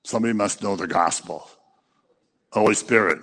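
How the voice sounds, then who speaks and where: A man's voice: on the low side, moderate pace, fairly bright tone, slightly rough, big-room sound. A man preaching a sermon, impassioned and scolding, who acts out little scenes as he goes.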